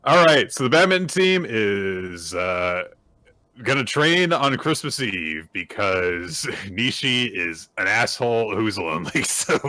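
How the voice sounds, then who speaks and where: Another co-host of the manga podcast, this man speaks in a mid-range voice, energetically performing characters' dialogue as he gives a casual rundown of the chapters.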